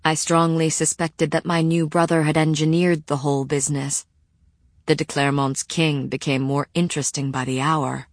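A woman narrating a novel in first person, measured and even. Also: low voice, no room sound, studio quality. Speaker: audiobook narrator. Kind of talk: scripted narration.

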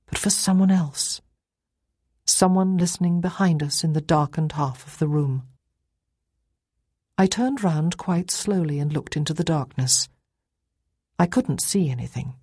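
Woman audiobook narrator, measured first-person storytelling, husky, dry close mic. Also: low voice, warm tone, no echo.

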